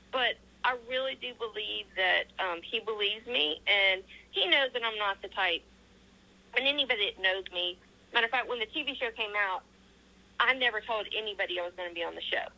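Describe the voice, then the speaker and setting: A woman's voice: medium pitch, fairly quick, bright, forceful tone, low-quality recording. A woman answering interview questions, telling a personal story in a casual, earnest way with many ums and acted-out quoted dialogue. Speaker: interview guest.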